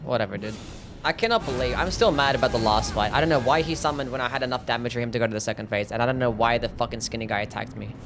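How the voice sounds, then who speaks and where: A man's voice: medium pitch, rapid-fire, noisy background. A man streaming live gameplay, ranting and swearing as he plays. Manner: frustrated, ranting, swears often.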